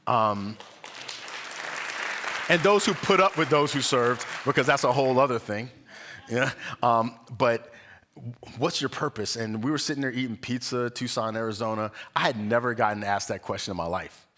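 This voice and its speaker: A young man giving a conversational sermon at a spiritual center, an animated storyteller who acts out the voices in his stories and laughs often. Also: mid-range voice, moderate pace, a faint crowd, slight background noise. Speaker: guest speaker at a spiritual center. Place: church sanctuary.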